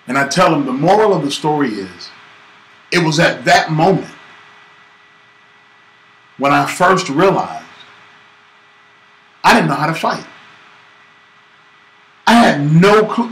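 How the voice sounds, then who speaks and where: A man from Georgia in the United States, talking casually to teach business skills and acting out voices as he tells a story. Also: on the high side. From Georgia, USA. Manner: animated, acts out voices in stories. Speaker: business coach host. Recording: echoey room with faint ambience.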